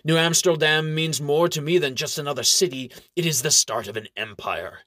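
A man's voice: fairly high pitch, normal speed, sharp tone, no room sound, clean studio sound, pitched above the performer's own voice. A man reading the part of a smug, scheming baron who lectures and monologues about his plans. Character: scheming gloating ambitious male baron, middle-aged. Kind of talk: audiobook character reading.

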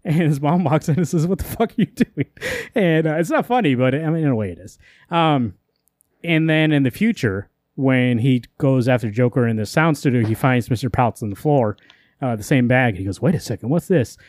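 A man's voice: mid-range voice, expressive, darkish tone, no room sound. Rambling casual man, dry close sound. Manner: rambling, quotes characters in quick asides, curses casually. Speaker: podcast co-host. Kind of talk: casual comic book chat.

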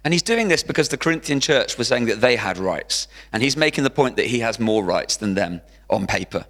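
Lively preacher in a reverberant hall. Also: male voice, medium pitch, a little fast. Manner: lively, repeats key phrases, often acts out quoted speech. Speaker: pastor. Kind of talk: sermon. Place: church hall with an audience.

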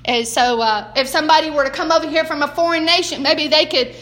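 A woman's voice: sits high, fast talker, fairly bright tone. An older woman with a Southern American accent, giving a folksy morning Bible lesson in a homespun way, full of rhetorical questions to her listeners. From Southern United States. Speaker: Bible teacher.

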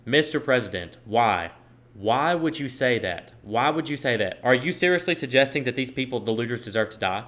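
A man's voice: medium pitch, expressive, brisk, a bit bright. A young man giving an opinion monologue on politics, emphatic and repeating phrases for stress while he reads posts aloud. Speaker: political commentator.

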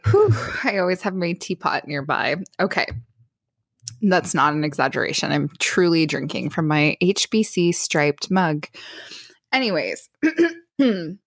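A young woman, co-hosting a podcast and telling a story in a casual, animated way, full of fillers. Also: deep voice, a little slow, no room sound, studio quality. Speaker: podcast co-host.

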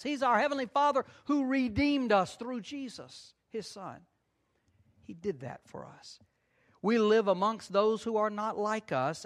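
A man's voice: high voice, fairly bright tone. A middle-aged man, a pastor, preaching a sermon in a conversational way, repeating phrases and acting out little asides.

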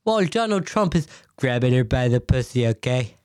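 A man's voice: medium pitch, very animated, moderate pace, darkish tone, smooth. A man talks off the cuff on his own podcast, drifting from point to point and swearing as he goes. His voice sits in a middle register. The sound is close and dry, with no room echo. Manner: rambling, profane, restarts often. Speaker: podcast host. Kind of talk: casual solo podcast rant. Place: at a table at home.

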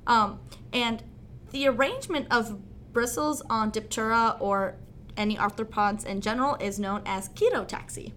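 A woman's voice: a little high, normal speed, a bit bright, a little hiss or hum. A woman co-hosting a podcast, explaining facts plainly in casual chat with "uh" and "um" fillers. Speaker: podcast co-host.

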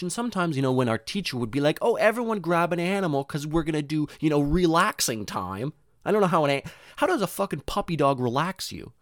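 A young man rambles through a casual story, swearing freely and slipping into voices for the people in it. His pitch swings widely. The recording is very dry, with no room sound. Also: dry recording. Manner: rambling, profane, slangy, acts out voices.

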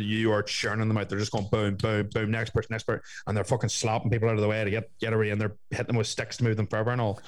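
A man's voice: on the low side, rough recording. A man telling a story in casual podcast chat, swearing a lot and acting out the people in it.

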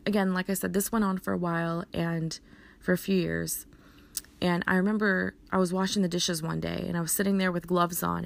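This woman's voice is gravelly and on the low side. She's sharing a personal story conversationally, earnestly acting out what people said and often restarting sentences.

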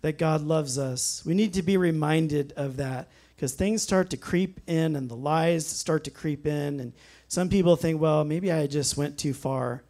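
A man's voice: a little high, unhurried, hardly any pauses, a little mellow. A man preaching a sermon, telling a personal story in an earnest way and breaking into frequent amens. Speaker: pastor.

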